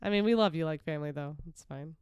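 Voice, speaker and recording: A woman talks through a podcast segment in loose, rambling casual chat, leaning on fillers as she goes. Her voice is smooth and clear, recorded close and dry. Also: sits low, fast talker, darkish tone, no echo. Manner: chatty, rambling, filler-heavy. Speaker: podcast co-host.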